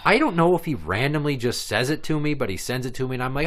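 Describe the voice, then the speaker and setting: A man hosting a comedy podcast, joking loudly and crudely, one moment booming like an announcer and the next mumbling. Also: expressive, brisk. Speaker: podcast host.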